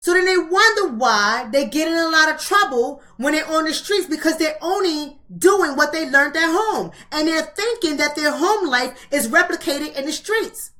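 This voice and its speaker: Blunt, preachy woman with a bright voice. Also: high voice, lively intonation, moderate pace, hardly any pauses. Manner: emphatic, preachy, blunt, repeating rhetorical questions. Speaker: book club host. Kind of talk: live-streamed book club talk.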